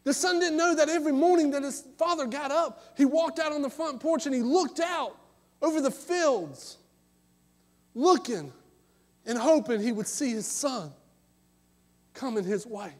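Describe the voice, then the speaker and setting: A preacher with a very high voice, pleading and passionate, dropping to hushed tones and then rising to calls. His sermon rings with a long reverb through a church sanctuary. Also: a little slow, long pauses. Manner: impassioned, swings between loud calls and hushed asides.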